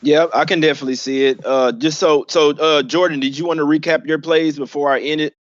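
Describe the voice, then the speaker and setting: A man's voice: fairly high pitch, fairly even intonation, fairly quick, no echo, highs cut off. A man hosting a sports betting show, talking in a loose, slangy and laid-back way. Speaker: show host. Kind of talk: casual betting show chat.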